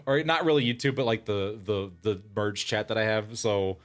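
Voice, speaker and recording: A man's voice: on the low side, expressive, moderate pace. A man streaming a game, chatting casually, laughing often and reading game text aloud. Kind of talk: casual gaming stream commentary.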